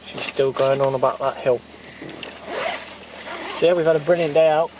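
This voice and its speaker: Relaxed man vlogging a day out. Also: on the high side, moderate pace, background noise. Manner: relaxed, chatty, recommending. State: a little out of breath. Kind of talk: casual vlog chat. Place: hilly park path, then a parked car. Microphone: handheld camera.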